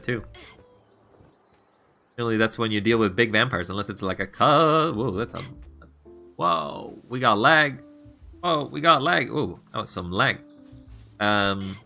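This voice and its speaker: A man's voice: lowish voice, sharp tone. A man streaming a game, chatting casually with his viewers, rambling and laughing as he plays.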